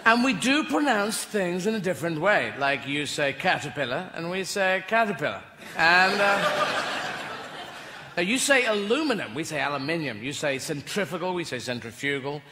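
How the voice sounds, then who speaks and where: English male stand-up, high bright voice, rambling and playful, captured in an echoey hall over audience noise. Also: lively intonation, moderate pace. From Britain. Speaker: stand-up comedian. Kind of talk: stand-up comedy set. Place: large theater on stage. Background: audience laughter.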